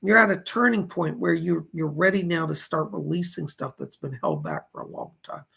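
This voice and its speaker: Gravelly husky-voiced male psychic medium. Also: fairly high pitch, sing-song, moderate pace, sharp tone. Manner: relays spirit messages with repeated "he said"; reads viewer donations aloud with thanks. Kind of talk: live psychic readings.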